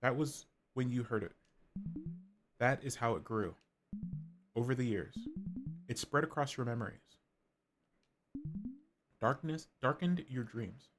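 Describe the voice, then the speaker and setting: Casting: male streamer, mid-pitched, calm narration over game music. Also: unhurried, pauses often. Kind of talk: reading game narration aloud.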